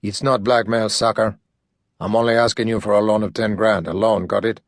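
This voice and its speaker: A man's voice: fairly low pitch, flat delivery, brisk, no echo, studio quality, close to an everyday voice. A man reading the part of a brash, crude male hustler who is blackmailing the detective. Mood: smug.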